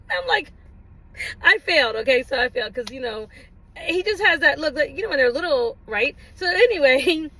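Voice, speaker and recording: A woman's voice: high-pitched, expressive, moderate pace, pauses often, sharp tone, low-quality recording. A woman vlogger telling a casual story, laughing often and acting out exaggerated exclamations.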